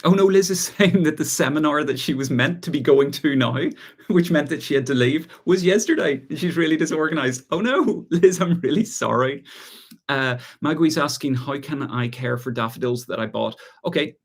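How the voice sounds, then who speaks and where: A man with an Irish accent hosting a relaxed live chat, reading out viewer questions and answering them with easy laughs. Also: fairly high pitch, normal speed. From Ireland. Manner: relaxed, chatty, reads out viewer comments and laughs often. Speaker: gardening channel host.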